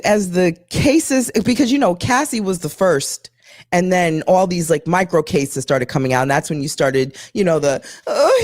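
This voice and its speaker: A woman's voice: fairly low pitch, no room sound, clean studio sound. A woman co-hosting a live chat show, telling stories bluntly and swearing often. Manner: animated, blunt storytelling with frequent profanity. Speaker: podcast co-host.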